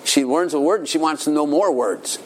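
A man's voice: a little high, fairly quick, slight background noise. An older man giving an informal sermon as a pastor, telling rambling family stories and acting out children's voices.

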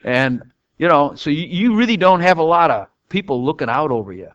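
A man's voice: fairly high pitch, big pitch swings, fairly quick, fairly bright tone, no echo, lo-fi sound. An older man teaching from the Bible in a rambling, folksy storytelling way, chuckling often between stories.

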